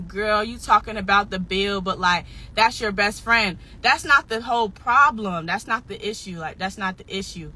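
A nineteen-year-old social media personality vents on a livestream, upset and defensive, swearing a lot, repeating herself and nearly crying at times. Her mid-range voice is pushed and bright, at a moderate pace with few pauses.

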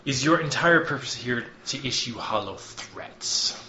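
A weary council head, played by a man, speaking with stiff, strained formality in a bright voice. The recording is dull and roomy, with faint hiss behind it. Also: medium pitch, lively intonation, a little slow, pitched above the performer's own voice. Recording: echoey room, dull lo-fi sound, faint hiss.

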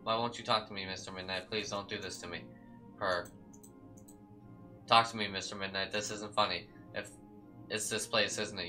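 A man's voice: low-pitched, bright, forceful tone. A man voicing a troubled young girl, reading her lines in an earnest, pleading way.

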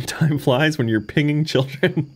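A man streaming a farming game live, reacting loudly and reading the on-screen text aloud, with frequent laughs and yelps. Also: a little high, unhurried, a little hiss or hum. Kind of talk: live gameplay commentary.

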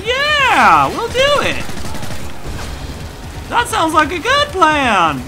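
Man doing a hillbilly bad-guy recruit, squealing high, gung-ho yelling, loud game music behind. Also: wildly swooping pitch, very slow, heavily acted.

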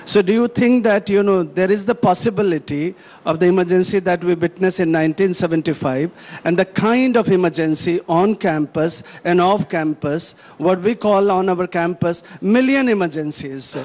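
A man's voice: high voice, moderate pace, hardly any pauses, darkish tone. A man in the audience, asking a long, earnest question.

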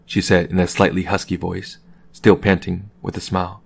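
A man reading a novel aloud as an audiobook in a calm, measured narration. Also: low-pitched, creaky, husky. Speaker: audiobook reader.

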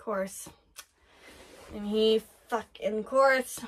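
A woman's voice: mid-range voice, very slow, a bit bright. A young woman reacting to an anime episode, gushing and exclaiming often, squealing when she is moved. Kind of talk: excited anime reaction commentary.

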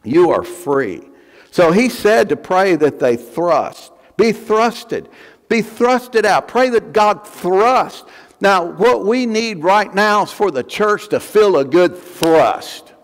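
A male pastor preaching with fervor, his high voice swooping up and down as he leans on repeated phrases. He talks slowly, and every line rings out in a long church-hall echo. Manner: fervent, emphatic, repeating phrases. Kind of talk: sermon. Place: church sanctuary.

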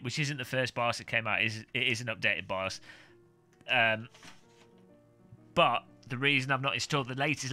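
A man's voice: medium pitch, pushed and bright, clear, resonant tone. A man streaming a casual unboxing, rambling and joking as he reads out foreign words in silly voices. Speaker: tech streamer.

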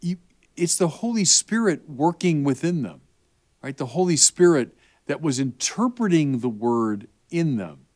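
Casting: a lively, expressive man with a Chicago accent, a bishop patiently explaining to kids. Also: a little high, measured pace. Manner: animated and emphatic, with rising bursts. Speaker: bishop answering children's questions. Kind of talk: explaining faith to kids, conversational.

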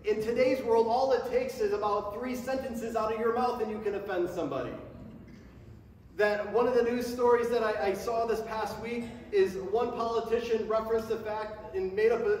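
A man preaching a sermon to a church congregation, who speaks faster and higher when he gets passionate. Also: darkish tone, a little hiss or hum. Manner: speeds up and rises in pitch when passionate. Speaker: pastor. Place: church sanctuary before a congregation. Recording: echoey hall from far off.

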